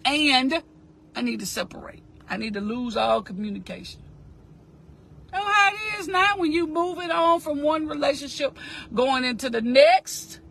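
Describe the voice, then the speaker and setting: A woman's voice: sits high, normal speed, creaky, fairly bright tone. A woman giving a motivational talk, repeating phrases with emphasis in a preaching cadence and asking listeners to say lines with her. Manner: addresses listeners directly and asks them to repeat. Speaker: motivational speaker.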